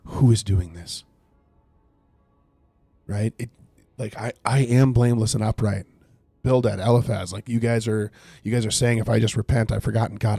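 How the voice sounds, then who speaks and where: A man's voice: lowish voice, gravelly, dark tone, husky, no room sound. A man leading a livestreamed Bible study, earnestly reading scripture aloud and explaining it, now and then thanking viewers in chat.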